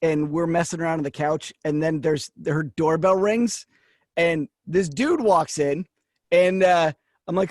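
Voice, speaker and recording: A man co-hosting a comedy podcast, telling a story from his college days with animated delivery. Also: a little high, unhurried, dry recording, studio quality. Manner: animated, storytelling with quoted voices. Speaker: podcast co-host.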